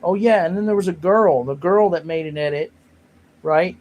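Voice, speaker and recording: A man's voice: sits high, moderate pace, muffled recording. A man hosting his own livestream, rambling and joking about himself while reading the chat. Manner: rambling, self-mocking, reads chat aloud. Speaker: livestream host.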